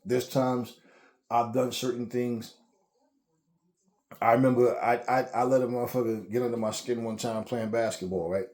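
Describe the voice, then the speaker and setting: A man's voice: mid-range voice, fairly even intonation, moderate pace, a little mellow. A man hosting a boxing channel, telling a story in a casual, profane, rambling way, often repeating words.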